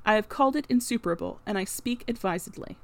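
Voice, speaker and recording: A woman reading the part of a composed male lawyer who speaks calmly and distinctly in an audiobook. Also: medium pitch, fast talker, no room sound, close to an everyday voice. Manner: calm, distinct and steady. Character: calm precise male lawyer.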